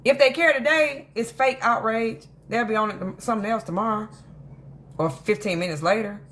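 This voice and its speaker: A woman hosting a casual commentary monologue, telling stories in an animated, emphatic way that rambles with frequent restarts. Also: a little high, moderate pace, slight background noise. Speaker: host of a drama commentary channel.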